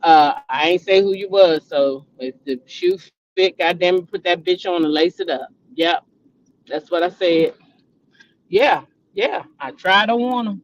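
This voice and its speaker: High-pitched, blunt, cussing chat host. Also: male voice, normal speed, muffled recording. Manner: blunt, profane, laughing storyteller. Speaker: channel host. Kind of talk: casual commentary chat.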